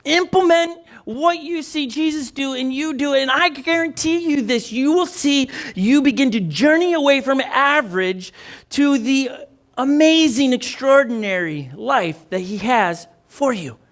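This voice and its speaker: High-voiced man preaching a casual sermon. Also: measured pace. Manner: energetic, conversational preaching with restarts. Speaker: pastor.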